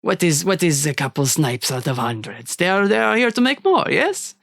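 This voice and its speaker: A game master voicing a falsely polite male hunter villain with a French accent, speaking slowly and smoothly. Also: medium pitch, sing-song, a bit bright, no room sound, clean studio sound, pitched above the performer's own voice, heavily acted. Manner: slow, falsely polite, drawn-out purring.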